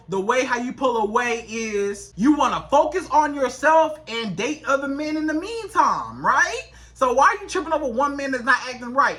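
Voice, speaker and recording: High bright-voiced woman relationship coach. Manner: animated, acts out little quoted exchanges. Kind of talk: direct advice talk to women.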